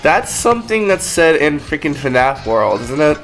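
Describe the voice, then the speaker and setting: A man's voice: on the high side, big pitch swings, measured pace, fairly bright tone, faint music behind, poor audio. Joking young man commenting on a game. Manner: joking, self-deprecating asides with laughter. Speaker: gaming video creator. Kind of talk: casual gameplay commentary.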